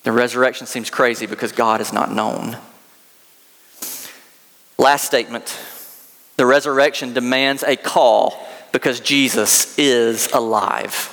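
A man's voice: medium pitch, steady tone, measured pace, pauses often, fairly bright tone, big-room sound. A man preaching a sermon, telling stories earnestly with casual asides. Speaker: pastor.

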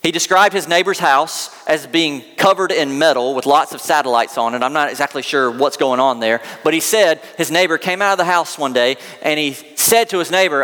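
A man's voice: on the high side, a little fast, hardly any pauses, fairly bright tone, in a large hall. A man preaching a sermon, telling stories earnestly with casual asides. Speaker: pastor.

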